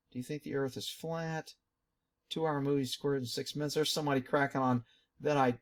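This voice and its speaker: A middle-aged man hosting his own channel, reading viewer comments aloud and answering them in a chatty, animated way with muttered asides. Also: mid-range voice. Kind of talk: casual commentary.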